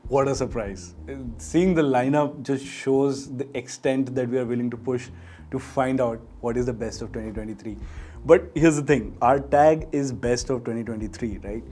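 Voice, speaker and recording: A man's voice: medium pitch, normal speed, dark tone. A man presenting a discussion, upbeat and chatty, asking questions of the panel. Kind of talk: casual discussion.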